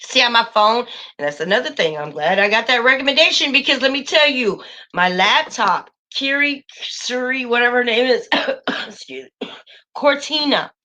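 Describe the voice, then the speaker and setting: A woman's voice: a little high, expressive, moderate pace, pushed and bright. A woman hosting a casual livestream, talking emphatically and a bit preachily to her viewers, calling them y'all. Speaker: channel host.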